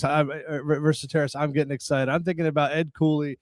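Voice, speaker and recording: A man's voice: fairly high pitch, little pitch movement, quick pace. A man hosting a casual sports podcast and telling stories in a chatty way. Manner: chatty storyteller. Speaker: podcast host.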